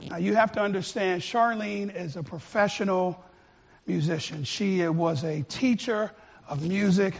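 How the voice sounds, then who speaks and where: High-voiced, slow-preaching male pastor. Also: vocal fry, lo-fi sound. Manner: impassioned, swings from quiet to shouting. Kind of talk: sermon.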